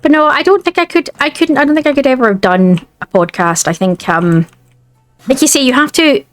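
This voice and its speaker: A woman's voice: sits high, animated, brisk, soft background music. A woman with a Scottish accent, rambling in casual chat while she plays a game. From Scotland. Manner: rambling, chatty. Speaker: gaming video creator.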